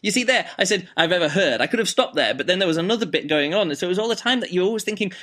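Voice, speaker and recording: A man hosting a casual book podcast, talking in a rambling, animated way into a laptop microphone. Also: sits high, racing. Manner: rambling, animated, lots of fillers and restarts. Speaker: podcast host.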